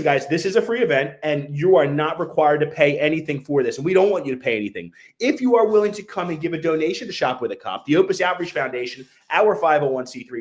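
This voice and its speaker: A man from the Philadelphia area hosting a podcast in a studio, talking fast with many fillers and restarts. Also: on the high side. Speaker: brokerage owner and podcast host. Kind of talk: casual podcast chat.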